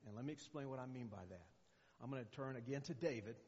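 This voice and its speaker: A man's voice: mid-range voice, fast talker, darkish tone. Older man preaching in an echoey hall. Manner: conversational, rambling with many fillers and restarts. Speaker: guest preacher. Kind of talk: sermon. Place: church hall. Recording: muffled echoey church recording.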